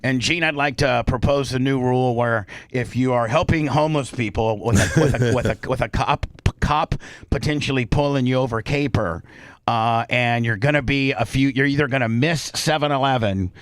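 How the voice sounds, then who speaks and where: A man's voice: medium pitch, moderate pace, dry recording. A man hosting a radio talk show, teasing and questioning his co-host in casual banter. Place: radio studio. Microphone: studio microphone.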